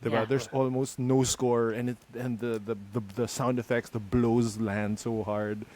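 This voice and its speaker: A man's voice: medium pitch, flat delivery, normal speed, a little mellow. A man with a Filipino accent, co-hosting a podcast, talking animatedly and mixing English with Tagalog. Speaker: podcast co-host. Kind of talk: casual chat.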